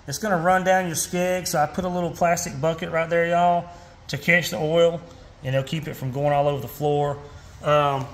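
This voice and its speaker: There's a slight hum of background noise as this Georgia man, a fishing channel host, casually demonstrates a repair. His pitch is fairly high, and he speaks in a folksy Southern way, saying "y'all" a lot and filling gaps with fillers and restarts.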